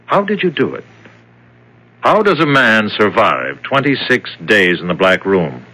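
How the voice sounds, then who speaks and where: An actor playing a measured, probing prison official in a 1970s radio drama. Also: male voice, on the low side, sing-song, bright, forceful tone, full character voice, low-quality recording.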